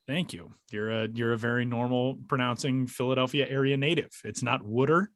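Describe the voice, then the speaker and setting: A man hosting a podcast in casual chat, jokey and animated. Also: mid-range voice, dry recording, studio quality. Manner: jokey, animated, quick laughs. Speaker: podcast host.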